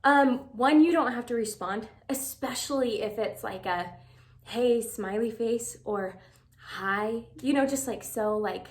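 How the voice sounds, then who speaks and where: Young female vlogger with a higher voice, chatty and casual, lots of fillers. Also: unhurried. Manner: chatty, lots of "like" fillers, acts out quoted texts. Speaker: advice vlogger. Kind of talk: casual talk to camera.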